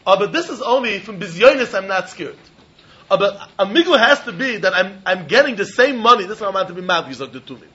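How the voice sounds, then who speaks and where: A man teaching a Talmud study lecture. He pitches questions in a high, bright voice that swoops up and down. The recording is dull and lo-fi. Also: a little hiss or hum. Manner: animated, questioning, mixes Yiddish phrases into English.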